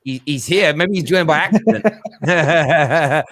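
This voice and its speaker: A man hosting a football fan show, quick and excitable as he runs the chat. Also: fairly high pitch. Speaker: host.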